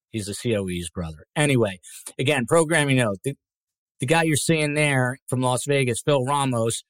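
A man's voice: medium pitch, dry recording. Chatty male podcast host, dry sound. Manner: chatty, rambling asides while reading viewer comments. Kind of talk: live podcast panel hosting.

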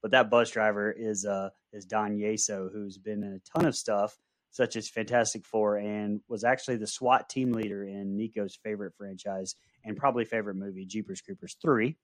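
A man's voice: lowish voice, fairly even intonation, normal speed, no echo. Joking man chatting about a film. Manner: joking, rambling, lots of "um" and asides. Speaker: podcast co-host. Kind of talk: casual film-commentary chat.

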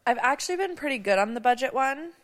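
A woman's voice: high-pitched, expressive, quick pace, in a large hall. A woman co-hosting a casual podcast, chatty and teasing, laughing easily as she tells stories. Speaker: podcast co-host. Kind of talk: casual chat.

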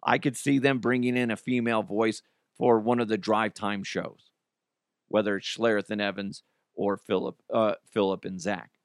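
A man's voice: lowish voice, steady tone, normal speed, no room sound, studio quality. A man hosting a podcast, giving casual, opinionated commentary with joking asides while trying not to lose his voice. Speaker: podcast host.

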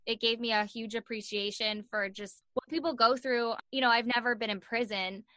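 Speaking at a moderate pace, a young interview guest shares a story in an animated, chatty style, her voice bright and fairly high. She fills it with "like" and performs the quotes in different voices. It's a close, dry recording with no room sound.

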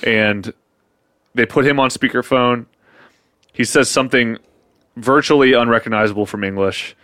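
A man's voice: mid-range voice, moderate pace, dry recording, clean studio sound. A man in casual comedic chat, improvising a long made-up story and acting out the voices in it with plenty of swearing. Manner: animated, profane, acts out quoted voices in his stories.

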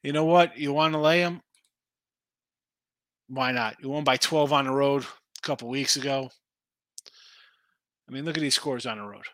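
A man's voice: mid-range voice, normal speed, pauses often, a bit bright, dry recording. A man hosting a late-night sports betting stream, rambling casually as he thinks aloud over the lines and answers viewers. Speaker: sports betting show host. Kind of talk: casual live-stream chat reading viewer picks.

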